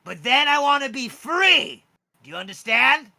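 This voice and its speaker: A man voicing a rough young male blue dragon, gruff and coarse, shouting his demands slowly. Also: very high-pitched, sing-song, pitched above the performer's own voice, full character voice. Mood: demanding.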